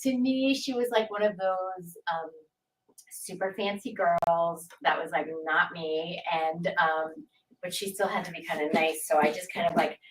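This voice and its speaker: A woman from New York talks casually on a fan panel, laughing between her answers. She sits well back from the microphone, and a little noise hangs under her voice. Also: fairly low pitch. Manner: laughs often, loose and chatty. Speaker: voice actor on a panel, moderating turns. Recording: far from the mic with faint noise.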